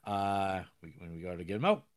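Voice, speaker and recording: A man's voice: low voice, animated, brisk. A man co-hosting a podcast, casually recapping a film in a rambling way and acting out lines. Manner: rambling recaps with acted-out quotes and laughs. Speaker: podcast co-host.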